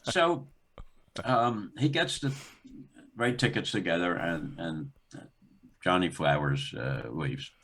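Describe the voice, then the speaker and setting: Low-voiced older man telling animated stories. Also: slow pace, long pauses, a little hiss or hum. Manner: animated, acts out dialogue in the story with rising pitch and laughter. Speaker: guest, former sports executive. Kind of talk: anecdotal storytelling in conversation.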